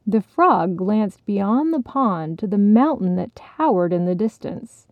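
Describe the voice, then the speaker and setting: A woman narrating a children's storybook in a calm, measured way. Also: medium pitch, no echo, phone-quality sound.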